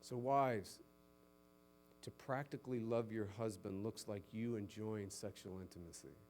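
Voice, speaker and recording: A male pastor preaching a sermon who climbs to loud, emphatic exhortation and then drops low and soft. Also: steady tone, measured pace, a little hiss or hum.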